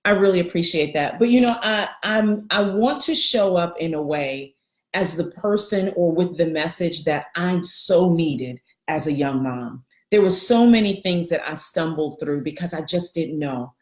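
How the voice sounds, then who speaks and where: A middle-aged woman giving an animated live coaching talk, greeting viewers by name. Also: fairly low pitch, moderate pace, reverberant. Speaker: life coach.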